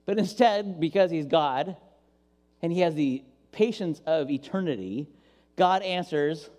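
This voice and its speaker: Lively, high-voiced male preacher in a hall. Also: unhurried. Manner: animated, playful, acts out voices. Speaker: pastor. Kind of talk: sermon. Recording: long hall reverb.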